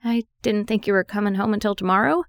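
A woman's voice: medium pitch, fairly even intonation, quick pace, no echo, studio quality, pitched above the performer's own voice, lightly acted. A woman voicing a guilty best friend who pleads hesitantly and apologetically. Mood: pleading.

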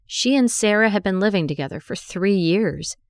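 A woman narrating an audiobook story in an even, measured way. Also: mid-range voice, no echo, studio quality.

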